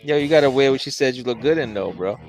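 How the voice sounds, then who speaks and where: A man's voice: mid-range voice, expressive, fast talker, no room sound, soft background music. A man co-hosting a casual drawing stream, telling loose, profane stories with big swings in his voice. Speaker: comic artist co-host.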